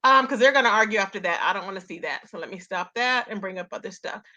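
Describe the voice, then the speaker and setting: A woman's voice: mid-range voice, lively intonation, quick pace, bright, forceful tone, dull audio. A woman commenting on a streamed argument, sassy and gossipy, talking straight to her viewers. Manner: sassy, gossipy, talks to chat as y'all. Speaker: commentator reacting to a live-stream clip. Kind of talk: casual commentary.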